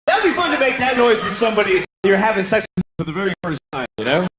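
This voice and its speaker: Over a noisy background, an American comic delivers crude, self-deprecating stand-up at a quick pace. He acts out voices, his pitch swinging widely.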